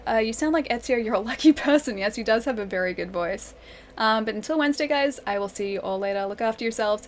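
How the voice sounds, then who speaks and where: Giggly young woman streaming a game, chatting back to her viewers, kinda high voice, a little hiss behind. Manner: chatty, giggly, reading and answering viewers' messages. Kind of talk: casual live-stream chat.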